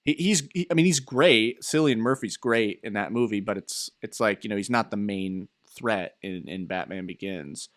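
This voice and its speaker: A young man in his twenties co-hosting a podcast, telling rambling, animated stories with fillers and laughs. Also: fairly low pitch, normal speed, few pauses, no echo, clean studio sound. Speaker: podcast co-host. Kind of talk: casual chat.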